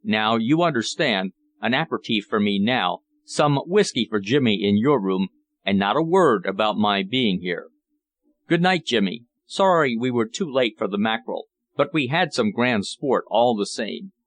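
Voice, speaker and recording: A man voicing a brisk, hearty country gentleman giving quick orders in an audiobook. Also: on the low side, animated, no room sound, natural voice.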